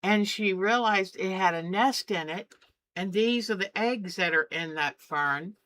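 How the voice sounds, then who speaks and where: Middle-aged woman, quilting host, chatty and gushing, unhurried, crisp bright tone. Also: medium pitch, no echo. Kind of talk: casual chat while showing photos.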